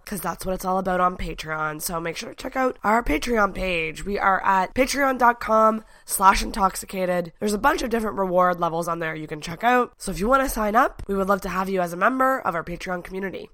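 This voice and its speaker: A Canadian woman in her thirties hosting a podcast, chatty and self-deprecating, slowly losing her voice. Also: mid-range voice, fairly bright tone, dry recording, studio quality. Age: 30s. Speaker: podcast host. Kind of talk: casual podcast chat.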